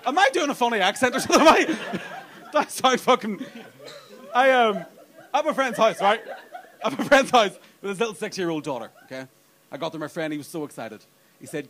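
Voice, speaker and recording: A young comedian works a club crowd with a bright, high voice that leaps up and down. He swears freely, mocks himself and slips into voices for the people in his stories. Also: expressive, normal speed, long pauses. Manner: profane, self-mocking, acts out voices. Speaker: stand-up comedian. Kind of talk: stand-up comedy set. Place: comedy club with live audience.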